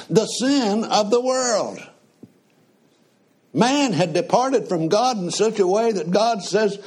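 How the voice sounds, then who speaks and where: A man preaching a sermon in a slow, conversational way, often asking the congregation questions. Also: sits high, a little mellow, breathy edge.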